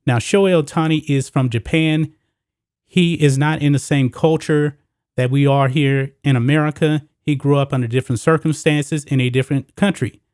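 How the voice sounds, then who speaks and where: A man hosting a solo sports commentary show, talking emphatically and pushing his pitch up on the points he stresses. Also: fairly even intonation, moderate pace, darkish tone, clean tone, dry recording, studio quality.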